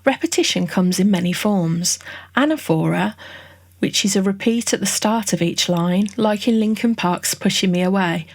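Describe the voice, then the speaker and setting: A woman giving a scripted songwriting lesson, explaining each term in a clear, measured, list-like way. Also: medium pitch, no echo. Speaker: songwriting tutorial narrator. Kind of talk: scripted educational narration.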